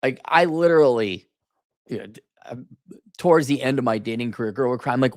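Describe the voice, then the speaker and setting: A man's voice: medium pitch, a little fast, pauses often, no echo, studio quality. An older man in a casual opinion monologue, blunt and profane, often acting out mocking quotes in a raised, exasperated voice. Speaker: commentator.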